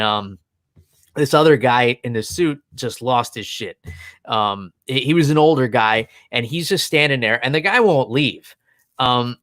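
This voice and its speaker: A man's voice: medium pitch, a bit bright, dry recording. A man in his thirties tells a long, rambling story in casual podcast chat, amused and chuckling often. His voice sits in an ordinary middle range, and it was recorded close and dry with no room sound around it. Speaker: podcast co-host.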